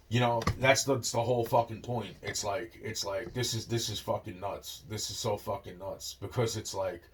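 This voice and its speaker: A young man telling a long rambling story, swearing constantly and looping on filler phrases. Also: on the low side. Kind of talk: rambling monologue.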